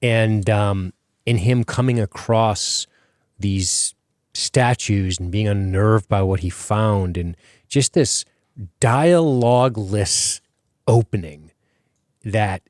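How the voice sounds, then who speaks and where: Deep-voiced man on a casual podcast. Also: darkish tone, no echo, clean studio sound. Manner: rambling, swears casually, many fillers. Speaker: podcast host.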